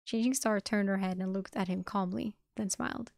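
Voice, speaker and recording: A woman streamer narrates a novel in a steady, even way. Her voice sits at a middle pitch. The recording is dry, with little room sound. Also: normal speed, gravelly, dry recording. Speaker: streamer reading a novel aloud. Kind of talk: audiobook reading.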